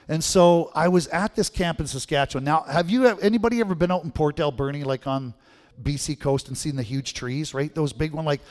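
A middle-aged Canadian man from Manitoba preaching a sermon, telling stories and asking the crowd questions with a frequent "right?". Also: fairly high pitch. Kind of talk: sermon with storytelling. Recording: long reverb in a hall.

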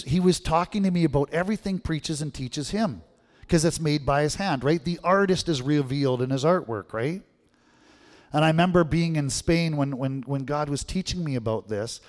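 A middle-aged Canadian man from Manitoba, with a fairly high voice at normal speed, preaches a sermon. He tells stories and quizzes the crowd, often tacking on "right?", while long hall reverb fills the recording.

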